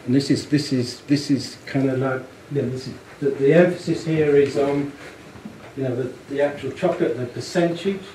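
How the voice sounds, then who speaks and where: A man's voice: mid-range voice, normal speed, warm tone, reverberant, slight background noise, poor audio. A man giving a presentation on branding, chatty and amused, often repeating words as he thinks. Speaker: speaker on branding and packaging. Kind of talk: presentation to an audience.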